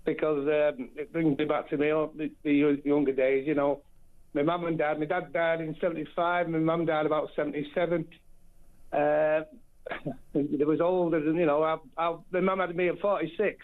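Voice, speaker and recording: A man's voice: on the high side, little pitch movement, moderate pace. A blunt, chatty man, calling in to a radio phone-in and chuckling as he talks. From Salford, England. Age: 70s. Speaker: caller. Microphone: telephone. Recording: tinny phone line.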